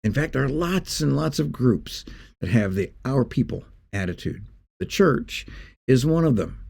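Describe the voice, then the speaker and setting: A man giving a folksy, conversational devotional talk as a pastor. He pauses and restarts as he speaks. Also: medium pitch, big pitch swings, creaky, darkish tone, breathy edge. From Northeast Indiana.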